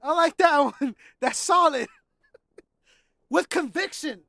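A woman's voice: high voice, slow pace, a bit bright, no echo. A woman hosting a casual interview, teasing her guest with slang and often laughing. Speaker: podcast host.

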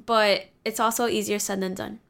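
A woman's voice: mid-range voice, level tone, moderate pace, creaky. A young adult woman vlogger giving casual, candid life advice to her viewers, confiding and swearing freely.

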